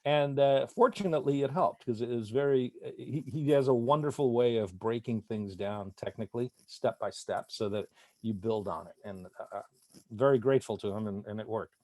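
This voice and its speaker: A middle-aged man from Italy, an actor guest telling animated anecdotes with frequent laughs in a casual interview. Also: medium pitch, moderate pace, no echo.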